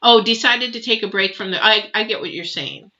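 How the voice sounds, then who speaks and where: A woman's voice: mid-range voice, a little fast, bright, forceful tone. A woman giving a live tarot reading and answering viewers, emotive and chatty with many fillers and restarts. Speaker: tarot reader. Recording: dull lo-fi sound.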